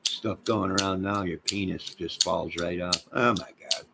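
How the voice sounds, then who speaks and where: A man hosting a livestream, rambling and joking in a deadpan way as he talks to viewers in chat. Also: low-pitched, a little slow, gravelly, very noisy. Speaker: livestream host.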